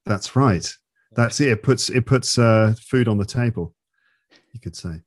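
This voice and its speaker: A man's voice: mid-range voice, measured pace, no room sound, studio quality. A British man, an English teacher and podcaster, chatting playfully as a guest in an interview and laughing often. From United Kingdom. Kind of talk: casual interview chat.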